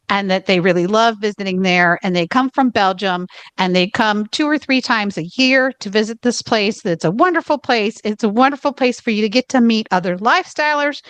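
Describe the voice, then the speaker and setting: A woman's voice: mid-range voice, a bit bright, smooth, no room sound. A woman co-hosting a podcast, telling a travel story in casual chat with laughs and restarts. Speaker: podcast co-host.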